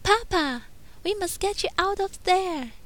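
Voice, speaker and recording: A woman voicing a gentle, earnest young woman in a storybook read-aloud, with a high, light, sweet voice. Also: expressive, measured pace, full character voice, poor audio. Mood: pleading.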